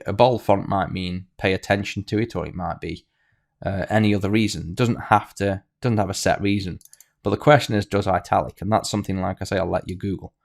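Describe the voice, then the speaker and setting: Gravelly low-voiced man teaching code. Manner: rambling, thinking aloud with fillers and restarts. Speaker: programming tutor. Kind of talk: screen-recorded coding tutorial.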